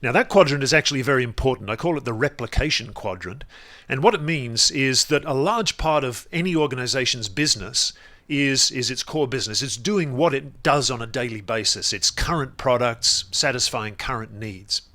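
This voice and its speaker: A man presents a lecture in a relaxed, explanatory way, often restarting his sentences. His voice has a bright, forward tone and sits at a middle pitch. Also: moderate pace. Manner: relaxed and explanatory, with frequent restarts and hedging fillers.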